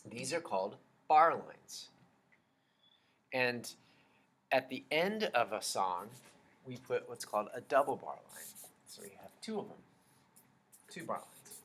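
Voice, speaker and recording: Slow, patient man teaching music. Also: medium pitch, lively intonation, fairly bright tone. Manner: slow, patient explaining with fillers, chanting rhythm syllables. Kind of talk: video music lesson for children.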